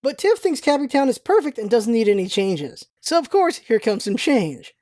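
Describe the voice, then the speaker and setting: A young woman hosting a casual rewatch podcast, chatty and excitable, rambling through facts with lots of asides. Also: fairly high pitch, moderate pace, no echo. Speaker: podcast host.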